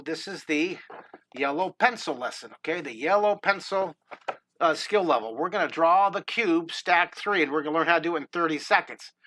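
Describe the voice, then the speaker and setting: A man's voice: fairly high pitch, sharp tone. A middle-aged man teaching a live drawing lesson, chatty and enthusiastic, greeting viewers by name, close to a desk microphone. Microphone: desk microphone close to mouth.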